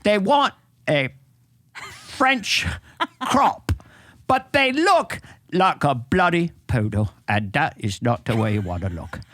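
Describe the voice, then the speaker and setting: A man impersonating a grumpy ninety-year-old male barber, talking slowly and gruffly. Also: fairly high pitch, big pitch swings, fairly bright tone, no room sound, full character voice. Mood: grumbling. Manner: slow, gruff, swearing.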